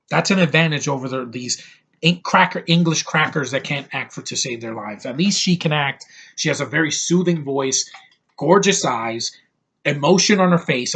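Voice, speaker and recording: Gravelly-voiced man ranting a movie review. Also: fairly high pitch, a bit bright. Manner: ranting, brash and swearing. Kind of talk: over-the-top spoiler-free movie review.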